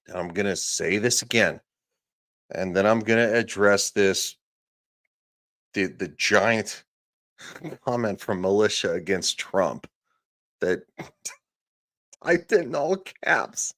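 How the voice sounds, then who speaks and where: A man's voice: on the low side, expressive, slow pace, pauses often, fairly bright tone. A man giving casual live commentary on a podcast clip, profane and sarcastic, with laughing asides. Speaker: streamer reacting to a podcast clip.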